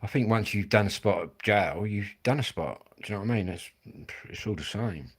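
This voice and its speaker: A man's voice: fairly low pitch, lively intonation, a little fast, husky. A middle-aged man with a Kent accent, chatting casually and rambling with viewers on a livestream, swearing and dropping blokey slang. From England. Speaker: livestream host.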